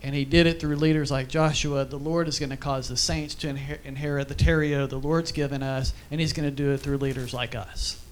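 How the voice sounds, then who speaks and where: Brisk and flat in delivery, this man's mid-range, clean voice runs with few pauses. In an informal church teaching he tells stories conversationally with fillers and many asides, briefly becoming choked up.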